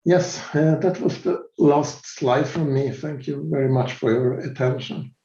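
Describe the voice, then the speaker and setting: Slow-speaking man with a mellow voice. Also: a little high, roomy sound, lo-fi sound, slight background noise. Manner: slow and measured, occasional slips. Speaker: forestry policy presenter. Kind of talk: conference presentation.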